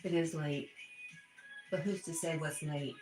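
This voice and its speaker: A woman's voice: low-pitched, steady tone, unhurried. A woman hosting a casual livestream, reading viewer chat messages aloud and chatting back. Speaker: livestream host. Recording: echoey room with faint background music.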